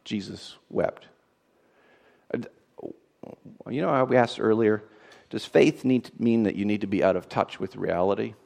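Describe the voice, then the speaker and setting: A man preaching a sermon in an expressive way, moving from loud emphasis to a hushed, tender tone. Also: on the low side, moderate pace, creaky.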